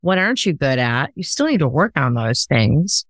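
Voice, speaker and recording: A woman's voice: very deep voice, big pitch swings, normal speed, no room sound. A woman hosting a podcast in casual conversation, talking in an emphatic, coaching way. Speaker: podcast host.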